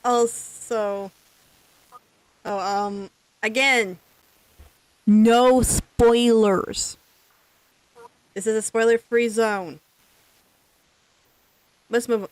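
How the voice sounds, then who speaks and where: A woman's voice: a little high, fairly even intonation, extremely slow, pauses often, no room sound, poor audio. A woman streaming a video game, chatting casually and playfully, often breaking into laughter and swearing now and then.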